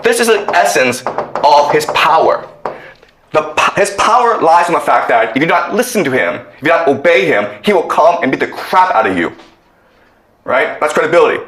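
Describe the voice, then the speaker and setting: Male lecturer, storytelling, lively pitch, fairly high voice, echoey room. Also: moderate pace. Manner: storytelling, often asks okay.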